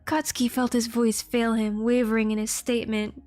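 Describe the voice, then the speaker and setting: A woman streamer reading fanfiction aloud, breaking off for excitable, giggly asides to her chat. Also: a little high, normal speed.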